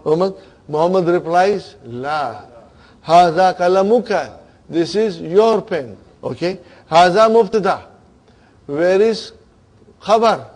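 High-voiced man teaching grammar. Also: animated, slow, darkish tone. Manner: questioning, checks in often with students. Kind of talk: classroom grammar lesson.

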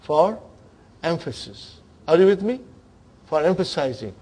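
A man's voice: on the high side, expressive, unhurried, pauses often, dark tone, husky. A man teaching a grammar class, questioning his students and checking in with them often.

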